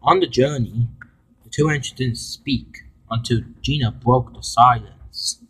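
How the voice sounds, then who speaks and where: Halting male fan-story narrator. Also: mid-range voice, a bit bright, breathy edge, low-quality recording. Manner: halting, with restarts and fillers.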